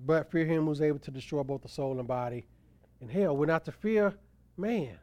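A man's voice: on the high side, normal speed, mellow, no room sound. A man preaching a sermon as pastor, quoting scripture with emphatic rises and drops. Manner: emphatic preaching, voice rising and falling for stress.

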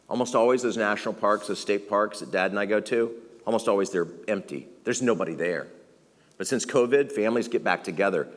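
A man's voice: fairly low pitch, fairly bright tone. A middle-aged man preaching a sermon as pastor, conversational, emphatic and self-deprecating. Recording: long reverb of a large hall.

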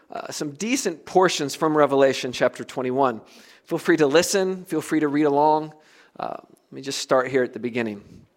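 A middle-aged man from the United States preaching a sermon, earnest and emphatic, with soft dropped asides. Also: medium pitch. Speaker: pastor.

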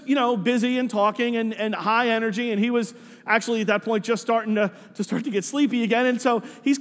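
A man tells a story as part of a sermon and brings the people in it to life. His voice is unusually high for a man, and he often repeats words. A long echo from a large hall trails his speech. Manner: animated storyteller, voicing characters, repeating words.

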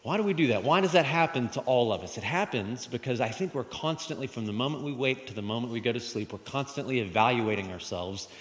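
A man's voice: mid-range voice, animated, fast talker, few pauses. A man preaching a sermon in a conversational way, repeating phrases and asking the congregation questions. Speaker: pastor. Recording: long hall reverb.

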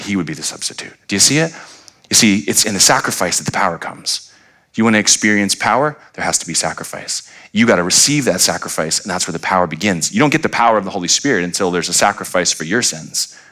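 A middle-aged pastor preaches with emphatic conviction, pressing his listeners with rhetorical questions. His voice sits on the low side but rings bright and forceful. He now and then slips into acted voices to make a point. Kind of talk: sermon.

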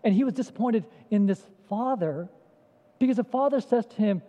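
A man's voice: high-pitched, normal speed. A man preaching a sermon in a conversational way, often asking the congregation questions. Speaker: pastor. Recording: echoey hall, dull lo-fi sound.

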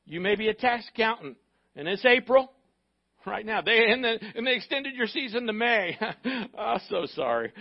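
A male pastor delivers a sermon in a high voice, full of jokes, and acts out the excuses people give. The recording sounds dull and lo-fi. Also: breathy edge. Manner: animated, joking, acts out quoted excuses.

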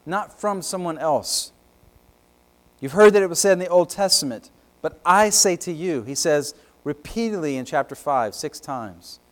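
A man preaching a sermon as pastor, explaining scripture emphatically with swings between loud and soft. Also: on the high side.

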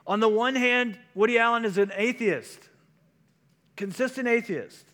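Pastor preaching in a reverberant hall. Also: male voice, very high-pitched, a little slow, sharp tone. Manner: conversational preaching, shifts into quoted voices. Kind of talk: sermon.

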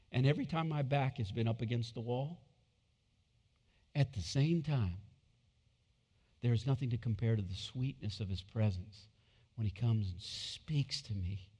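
A man's voice: medium pitch, slightly rough. Man preaching in a reverberant hall. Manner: swings from hushed to loud excited bursts. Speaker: pastor. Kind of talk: sermon. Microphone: wireless body mic.

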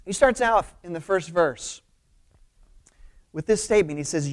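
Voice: mid-range voice, lively intonation, moderate pace. A pastor preaching a conversational sermon, informal and emphatic, often checking in with the listeners.

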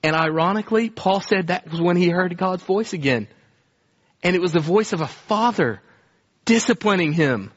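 Earnest man preaching, slightly high voice. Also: lively intonation, moderate pace. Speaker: pastor. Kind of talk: sermon. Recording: dull, lo-fi sermon recording.

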